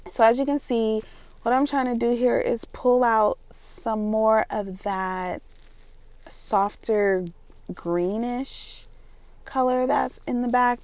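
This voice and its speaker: A young woman vlogger tells family stories while she decorates her planner. She acts out the people she quotes and sometimes drops to a soft, near-whispered voice. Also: mid-range voice. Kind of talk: casual storytelling over planner decorating.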